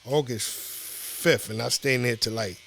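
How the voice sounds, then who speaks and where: A middle-aged man from Southside Jamaica Queens with a New York accent, telling stories as a podcast guest in an animated, profane way. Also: medium pitch, unhurried, creaky, slight background noise. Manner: animated, profane, acts out quoted voices. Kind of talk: casual storytelling.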